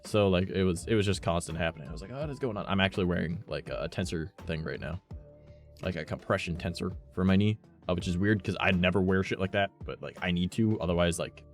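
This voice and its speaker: Low-voiced rambling male streamer. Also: quick pace, faint music behind. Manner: rambling, swears often, heavy use of "like". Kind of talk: casual chat with a live stream audience.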